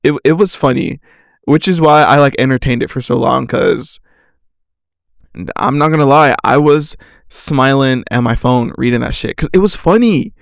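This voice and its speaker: A man talks through his solo podcast in a loose, rambling way, joking at his own expense and filling his talk with "like." His voice has a gravelly, fried edge, and the recording is close and dry. His pitch sits in a middle range. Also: moderate pace, dry recording. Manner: rambling, joking, self-mocking, full of "like". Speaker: podcast host. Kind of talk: casual solo podcast chat.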